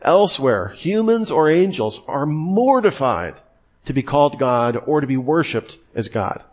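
A man's voice: fairly high pitch, sing-song, unhurried, a little mellow. A man giving a Christian apologetics lesson in a conversational way, with emphatic, incredulous asides. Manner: conversational, acts out quoted voices. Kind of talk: lively teaching talk.

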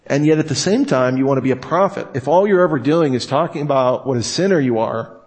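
Here the Bible teacher talks fast with few pauses, his mid-range voice slightly dark in tone. Leading a class on how to preach, he jokes casually and acts out quotes with laughter, with long hall reverb around him.

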